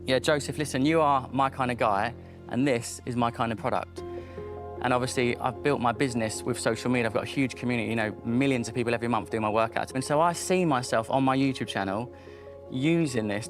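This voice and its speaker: A man talks quickly and eagerly. He is encouraging and openly emotional. Faint music runs beneath him. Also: medium pitch. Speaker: investor on a panel. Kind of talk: business show conversation. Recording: light music underneath.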